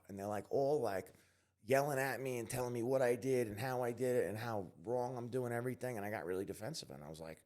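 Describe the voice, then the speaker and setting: A man from New York, a podcast guest, telling his life story candidly, earnest and emphatic with quick restarts. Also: medium pitch, darkish tone.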